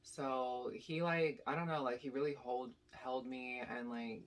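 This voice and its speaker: A young woman telling a casual storytime to her channel, animated and rambling with lots of "like" and "basically". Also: extremely low pitch, unhurried. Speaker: YouTube storyteller.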